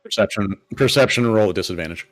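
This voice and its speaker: A man's voice: fairly low pitch, quick pace, fairly bright tone. A man running a tabletop game as game master, narrating hesitantly with many fillers.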